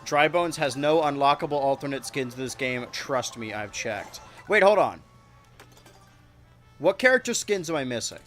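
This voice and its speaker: A man streaming a kart racing game, rambling and joking to his chat with sudden excited yelps. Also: mid-range voice, moderate pace, soft background music. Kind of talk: live-streamed gameplay commentary.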